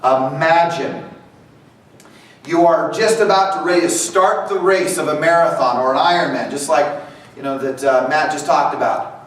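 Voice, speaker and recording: A man giving an energetic motivational talk to a real estate team, animated and acting out quoted voices. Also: a little high, normal speed. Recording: echoey hall, voice from far off, faint noise.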